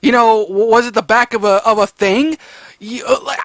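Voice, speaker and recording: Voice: mid-range voice, normal speed, a bit bright, no room sound. A story reader giving comedic commentary in a rambling, sarcastic way, full of fillers and restarts.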